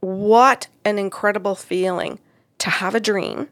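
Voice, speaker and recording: A woman speaking at a middle pitch, telling a story in animated casual chat. She talks as a psychic medium recounting a client session and acts out what others said with sudden high jumps in pitch. The recording is close and dry, with no room sound. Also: unhurried, dry recording. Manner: expressive, acts out quoted voices with big pitch jumps.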